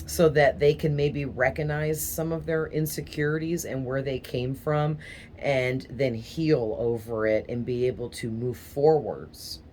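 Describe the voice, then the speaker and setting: A woman's voice: a bass voice, steady tone, measured pace, darkish tone, a little hiss or hum. A woman giving a casual tarot reading, talking in a rambling, hesitant way with small stutters. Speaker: tarot reader.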